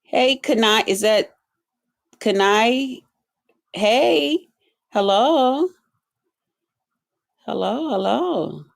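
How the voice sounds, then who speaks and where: A woman hosts a casual livestream and talks back to viewer comments. Her delivery is sassy and animated, with sudden high exclamations and low, muttered asides. Her voice sits a little high, and she speaks slowly and drawls. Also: vocal fry. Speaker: livestream host reading comments.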